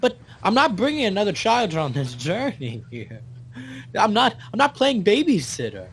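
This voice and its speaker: A man's voice: high voice, wildly swooping pitch, moderate pace, fairly bright tone, slight background noise. A young man in a tabletop game, arguing bluntly and insistently in character. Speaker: player.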